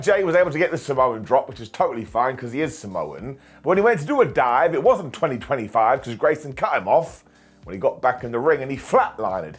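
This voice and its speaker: A man's voice: a little high, husky. A man hosting a comedic wrestling review, talking with a slight lisp from a bitten tongue and full of wry, jokey asides.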